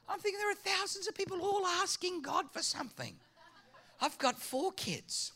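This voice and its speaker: A German man preaching as a pastor tells stories with animation, acting out the voices of the people in them. His voice is very high and his pace moderate.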